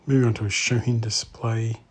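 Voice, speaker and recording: A man giving a casual walk-through commentary in an indoor exhibition room, speaking in quiet, murmured remarks that often drop to a whisper. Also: on the low side, flat delivery, fairly quick, breathy edge. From Australia. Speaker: bonsai channel host.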